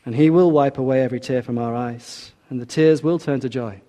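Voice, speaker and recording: Mellow-voiced man preaching a sermon. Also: mid-range voice. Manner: measured, earnest, slows for emphasis.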